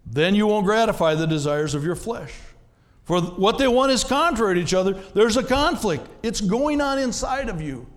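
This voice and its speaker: A man's voice: sits high, animated, normal speed. Man, pastor, sermon, questions to the congregation, reverberant church hall. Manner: conversational preaching with rhetorical questions.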